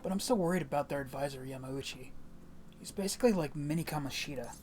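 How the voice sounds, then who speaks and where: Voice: medium pitch, fast talker, a little mellow, soft background music, natural voice. A streamer voicing a hot-headed teenage boy, a former athlete, in blunt, slangy talk with mild cursing, as a fan reading of game dialogue. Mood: grumbling.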